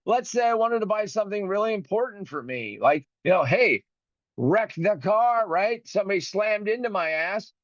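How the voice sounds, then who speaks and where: On his own show, a male podcast host rants furiously and profanely, acting out a phone call from both ends while recovering from a broken finger. His high-pitched voice is expressive and moderately paced, with no room sound.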